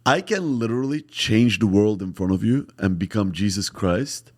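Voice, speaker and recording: A man's voice: on the low side, normal speed. A young man from Turkey with a Turkish accent, a comedian guest chatting casually and joking at his own expense. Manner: laughing, self-mocking, animated. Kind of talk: casual chat.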